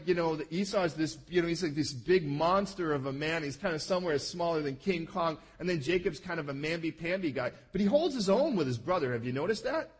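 A man's voice: fairly high pitch, breathy edge. A man preaching a sermon in a conversational way, often checking that his listeners follow and acting out the lines of the people he talks about. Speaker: pastor.

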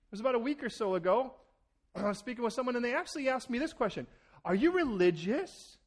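A man preaching a sermon as pastor, animated, acting out quoted exchanges and repeating words as he starts a thought. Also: very high voice, very fast.

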